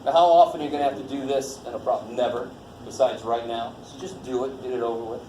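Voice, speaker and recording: A man's voice: mid-range voice, fairly even intonation, fast talker, warm tone. A man teaching a college math class in a casual, jokey way, swearing lightly and quizzing the students as he goes. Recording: echoey classroom with faint noise.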